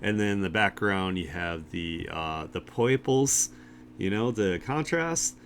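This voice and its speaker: A man's voice: low voice, big pitch swings, a little slow, fairly bright tone, a little hiss or hum. A man hosting a live art share stream, chatting casually in a rambling way with lots of fillers and chuckles. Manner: laid-back and rambling, with many fillers and chuckles.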